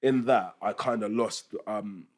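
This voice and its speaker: A man's voice: on the low side, a little slow, a little mellow. Rambling young man on a podcast. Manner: rambling, self-interrupting, laughs often. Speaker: podcast guest. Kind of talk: candid podcast conversation.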